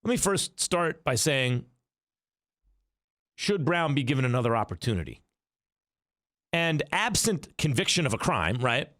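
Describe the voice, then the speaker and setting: A man's voice: medium pitch, a little slow, long pauses, no room sound, studio quality. A middle-aged man hosting sports talk radio, arguing his takes with rhetorical questions. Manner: argumentative, rhetorical questions, animated delivery.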